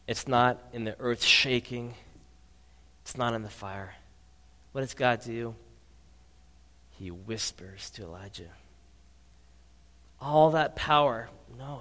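A man preaches a sermon from the pulpit at a middle pitch. His delivery swings between hushed low passages and raised emphatic ones. The sound carries a long, roomy church reverb. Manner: dynamic preaching, drops to soft low tones then rises. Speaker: pastor. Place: church sanctuary. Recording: reverberant hall.

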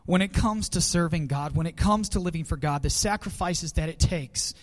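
A man's voice: fairly high pitch, normal speed. A youth pastor, a man, giving a heartfelt farewell tribute at a church gathering, choked up with emotion and laughing nervously.

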